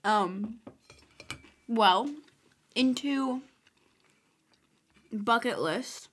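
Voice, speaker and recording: A woman's voice: fairly high pitch, very slow, a bit bright, slight background noise. A teenage girl co-hosting a podcast, chatting in a bubbly, talkative way and laughing often. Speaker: podcast co-host. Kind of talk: casual chat. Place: bedroom, doing hair and nails.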